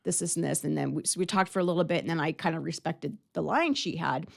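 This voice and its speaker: A woman's voice: sits low, fast talker, creaky. A woman guest on a talk show, chatting casually and telling rambling anecdotes with plenty of fillers. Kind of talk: casual chat, storytelling.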